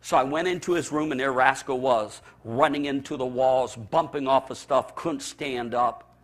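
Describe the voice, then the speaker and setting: A man's voice: mid-range voice, normal speed. A man from the Chicago area, a pastor preaching a personal testimony, telling it with emotion and stammered repeats. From Chicago area, USA.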